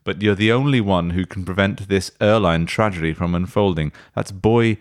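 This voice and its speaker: A man's voice: sits low, moderate pace, no room sound, clean studio sound. A man narrating a comedy tabletop game as game master, playful and laughing often.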